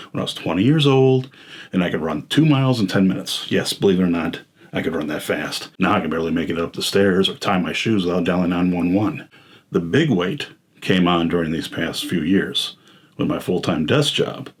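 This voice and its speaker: A man's voice: low voice, husky. A man in his forties, blunt and self-deprecating, who gives a candid personal monologue as host while short of breath. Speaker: filmmaker and host.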